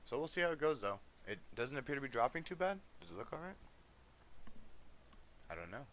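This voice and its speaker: A man's voice: medium pitch, very animated, fairly quick, a bit bright, slight background noise. A male livestreamer chatting casually, easygoing, coaxing and scolding his dog between music talk.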